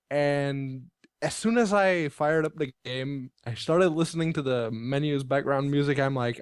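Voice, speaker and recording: A man's voice: on the high side, unhurried, clean tone, no room sound, clean studio sound. A man co-hosting a game review podcast in casual chat, easygoing and enthusiastic, laughing often. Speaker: podcast co-host reviewing games.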